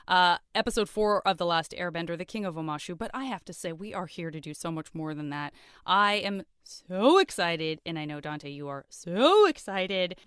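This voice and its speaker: Smooth-voiced, playful woman podcast host. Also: medium pitch, fairly bright tone, no room sound, clean studio sound. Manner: playful and self-mocking. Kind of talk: casual podcast hosting.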